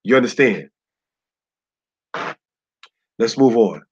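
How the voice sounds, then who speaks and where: A man teaching a Bible lesson in a preacherly way, often checking with his listeners and slowing down to spell out Hebrew words. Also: medium pitch, lively intonation, slightly rough. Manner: preacherly, keeps asking "You understand?". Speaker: Torah teacher. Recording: muffled lo-fi recording.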